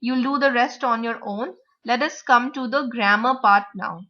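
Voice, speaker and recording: A woman teacher explaining vocabulary, word stress and grammar, repeating example words slowly to model the stress. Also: fairly high pitch. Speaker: English teacher. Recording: dull lo-fi recording.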